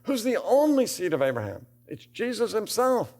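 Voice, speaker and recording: A man's voice: sits high, very animated, normal speed, darkish tone. An older man giving a theology lecture in a classroom, reading scripture aloud and asking rhetorical questions, building to emphatic bursts.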